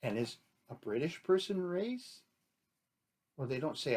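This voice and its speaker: A man's voice: on the high side, expressive, unhurried, a little mellow. A man giving an unscripted talk as a chief, rambling and argumentative, posing rhetorical questions and acting out imagined exchanges. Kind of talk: unscripted spoken commentary.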